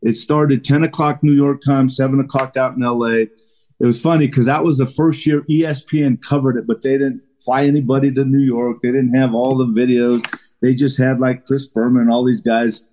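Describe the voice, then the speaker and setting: Middle-aged male ex-lineman guest; lively storyteller who acts out the quotes. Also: medium pitch. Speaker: guest, retired football lineman. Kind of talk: casual storytelling interview.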